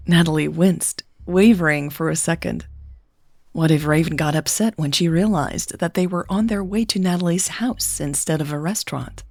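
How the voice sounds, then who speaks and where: A woman reads a romance story aloud in a calm, even storytelling manner. Her voice is fairly low and carries a gravelly fry. Faint music plays under her reading. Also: normal speed, dry recording, studio quality. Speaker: podcast host and narrator.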